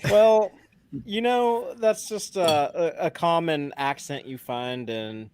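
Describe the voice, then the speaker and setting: Texas man, laid-back chat, slightly high voice. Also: slow, darkish tone, clear, resonant tone, no room sound. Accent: rural Texas. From rural Texas. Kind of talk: casual late-night chat.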